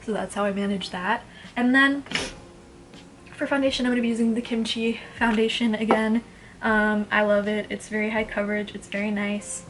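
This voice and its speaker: A beauty vlogger in her twenties chats casually at home while doing her makeup in a get-ready-with-me video, rambling, blunt and swearing freely. Her mid-range voice stays steady at a normal speed. Background noise is audible.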